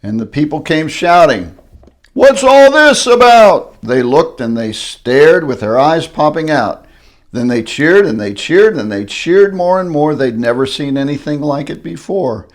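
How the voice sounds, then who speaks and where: A man's voice: a little high, lively intonation, measured pace. An older grandfather reading a rhyming picture book aloud in a sing-song manner.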